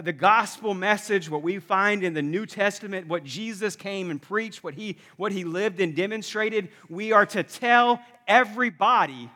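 High bright-voiced preacher man. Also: long reverb tail. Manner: energetic, conversational preaching with asides and humor. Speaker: pastor. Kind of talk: sermon. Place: church sanctuary.

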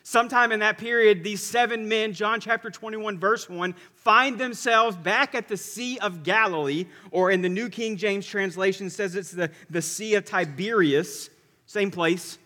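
Bright-voiced preacher in a reverberant hall. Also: male voice, high voice, unhurried. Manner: animated storytelling, swinging from loud to hushed. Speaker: pastor. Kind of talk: sermon.

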